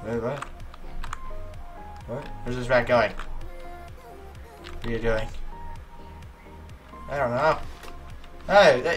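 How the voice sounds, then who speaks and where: A man giving animated let's-play commentary, yelping and talking back to the game's characters as he plays. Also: medium pitch, very slow, long pauses, soft background music. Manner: animated, yelps at game characters. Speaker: gaming YouTuber.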